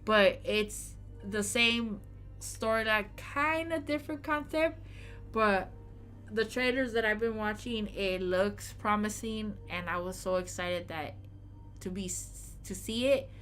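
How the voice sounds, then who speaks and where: Bright, blunt woman ranting on a stream. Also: medium pitch, takes it slowly, soft background music. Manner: blunt, emphatic, ranting with repeated apologies. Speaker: co-host of a live stream. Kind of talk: casual chat.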